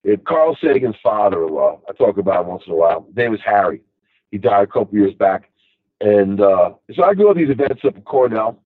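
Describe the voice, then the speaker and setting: A middle-aged man from Long Island, New York, with the accent to match, delivers a casual monologue in a lowish, sing-song voice at a brisk pace. He rambles loosely, saying "you know" a lot, and the audio sounds tinny and phone-like with no echo.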